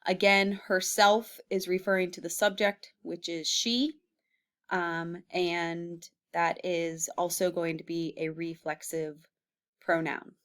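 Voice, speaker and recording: A woman's voice: lowish voice, little pitch movement, takes it slowly, a bit bright. A woman teacher giving a classroom grammar lesson, patient, often checking in with students and using fillers. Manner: patient, with frequent "okay?" check-ins and fillers.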